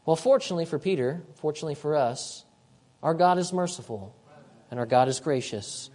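High, lively preacher, emphatic and repetitive. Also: male voice, fairly quick. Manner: emphatic, repeats key phrases, swings between loud and hushed. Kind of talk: sermon.

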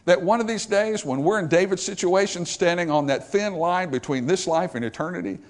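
A man preaching a sermon, emphatic and repetitive, swinging from loud stresses to hushed lines. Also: high-pitched, fairly quick.

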